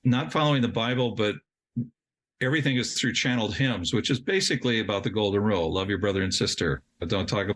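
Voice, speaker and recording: Talking fast in a fairly low, fairly bright voice, a middle-aged man tells a long personal story as a podcast guest in an interview. His telling rambles, with frequent sentence restarts and laughs at himself.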